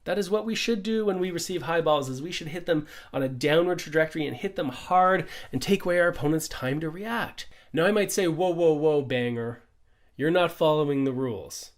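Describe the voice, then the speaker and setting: A man's voice: fairly high pitch, animated, fairly quick, few pauses. A middle-aged man, a pickleball coach, giving an upbeat conversational lesson full of rhetorical questions. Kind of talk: instructional explainer.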